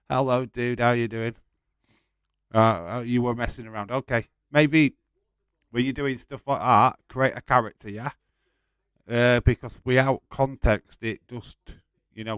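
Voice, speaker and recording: A man's voice: fairly low pitch, clear, resonant tone, no echo. A man hosting a live stream, chatting casually and bluntly with viewers, swearing now and then. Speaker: livestream host. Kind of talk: casual live chat reading out viewer comments.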